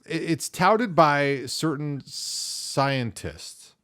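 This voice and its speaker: A man's voice: on the high side, lively intonation, very slow, fairly bright tone. A man in his thirties co-hosting a podcast, chatting casually with dry jokes and rambling asides. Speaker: podcast co-host. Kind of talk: casual chat.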